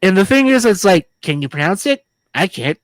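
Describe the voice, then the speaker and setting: Her voice is medium-pitched and sing-song, at normal speed with no echo. As co-host of a film review podcast, she chats casually in a rambling, jokey, crude manner and restarts often.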